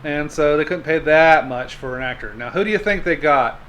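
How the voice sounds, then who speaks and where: A man's voice: fairly high pitch, a little fast, fairly bright tone, slight background noise. A man hosting a podcast, telling stories in casual chat, joking and laughing often. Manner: storytelling, jokey, laughs often. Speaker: podcast host.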